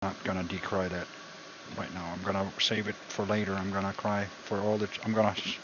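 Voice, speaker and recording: A man's voice: low-pitched, little pitch movement, fairly quick. A man cooking on a casual stream, rambling and joking and repeating himself as he works. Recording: dull lo-fi sound with background noise.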